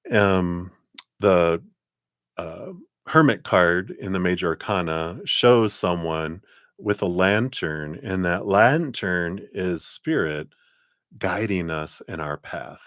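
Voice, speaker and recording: A man's voice: deep voice, expressive, slow pace, a bit bright, no room sound, clean studio sound. A man giving live-stream tarot readings, chatty and upbeat, rambling from card to card. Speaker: tarot reader.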